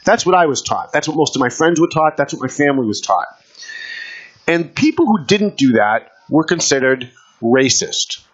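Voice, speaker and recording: A man's voice: fairly high pitch, animated, normal speed, highs cut off. A man hosting a radio talk show, delivering an emphatic, combative opinion monologue.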